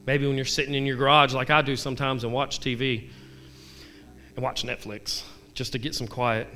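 A man's voice: medium pitch, little pitch movement, moderate pace, pushed and bright. A married man giving a casual devotional talk. He reads scripture aloud and makes candid, self-deprecating asides and direct questions to his listeners. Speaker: devotional vlogger.

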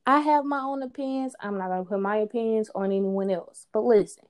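A young woman co-hosting a podcast, chatting casually and animated, often laughing. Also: mid-range voice, brisk, smooth. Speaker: podcast co-host. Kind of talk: casual chat.

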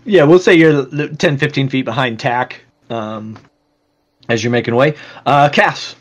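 A man's voice: medium pitch, unhurried. A man narrating as game master of a tabletop game, loose and full of fillers.

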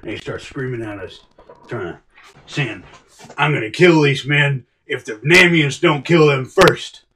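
A man playing a touchy, traumatized male war veteran in an improvised comedy sketch, muttering low and gruff and then breaking into panicked shouts. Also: measured pace, distant mic, a little hiss or hum, natural voice. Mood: gruff, solemn.

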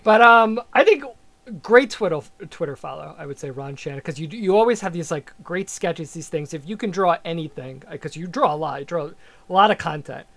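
A man's voice: on the high side, animated, normal speed, gravelly, fairly bright tone. A man hosting a podcast, playful and rambling, laughing often as he introduces his guest. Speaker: podcast host. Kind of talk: casual podcast chat.

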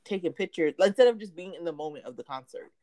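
A woman in her thirties co-hosting a podcast in casual chat, animated and laughing often, slipping into playful quoted asides. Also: lowish voice, fast. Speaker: podcast co-host.

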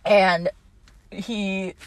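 Young adult woman for a casual film recap, chatty and animated, with a mid-range voice recorded dry and close. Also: medium pitch, extremely slow, no room sound. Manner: chatty, animated retelling with lots of fillers.

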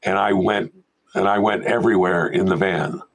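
An older man who worked as a film sound mixer tells stories casually as an interview guest, animatedly acting out the voices of the people in them. His deep, gravelly voice moves at a normal speed on a rough recording.

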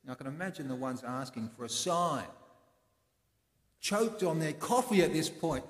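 A man preaching a sermon in a church, explaining in a conversational way with pauses. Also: medium pitch, expressive. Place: church in Sydney. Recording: echoey church with long reverb.

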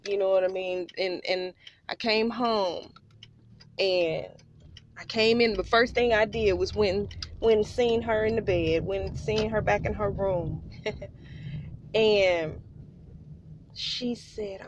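A woman hosting a podcast shares a personal story with heartfelt emotion, often addressing her listeners as "you guys" and holding back tears. Her mid-range voice stays fairly even and slow, with long pauses. The recording is muffled, with slight background noise.

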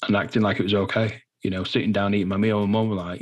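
A man giving a personal interview testimony in a halting, earnest way, full of fillers and restarts, sounding nervous. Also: fairly low pitch, flat delivery. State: nervous, anxious while speaking. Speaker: guest.

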